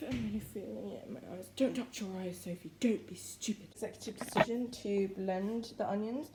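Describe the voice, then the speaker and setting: This vlogger speaks briskly with a steady tone and few pauses, her voice mid-range. Cooking at home, the young woman rambles and giggles through a chatty vlog, leaning on "like" and "literally" while yawning from fatigue; the kitchen echoes and carries faint background noise.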